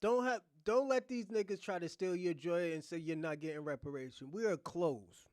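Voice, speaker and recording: A man's voice: high voice, normal speed, dry recording, clean studio sound. A man hosting a reaction livestream, ranting in a blunt, profane, rambling way. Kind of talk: casual livestream commentary.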